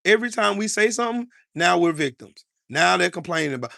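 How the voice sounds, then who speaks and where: A man's voice: high voice, lively intonation, brisk, creaky, few pauses, bright, forceful tone, no echo, studio quality. An American man delivering heated political commentary in an angry, profane, repetitive rant.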